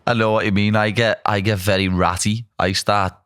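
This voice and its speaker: Man, Liverpool accent, 20s, host, very low pitch, dry close recording, blunt casual talk. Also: little pitch movement, normal speed, fairly bright tone, clear, resonant tone, dry recording. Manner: blunt, chatty, self-deprecating. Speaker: podcast host. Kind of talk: casual chat.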